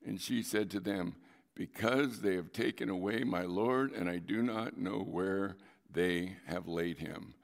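A male preacher who talks slowly and deliberately, his low voice carrying a gravelly edge. He reads scripture with dramatic emphasis, then turns to plain, chatty explanation for his listeners. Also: long reverb tail. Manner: slow, conversational preaching with dramatic readings. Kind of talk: sermon reading and explaining scripture.

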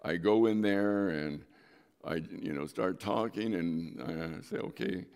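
A middle-aged man preaching a sermon, his lowish voice carrying a gravelly edge. He talks like he's telling stories to friends, then suddenly pushes his voice up for emphasis. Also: slow, a little mellow. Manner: conversational storytelling with sudden emphatic rises. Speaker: pastor.

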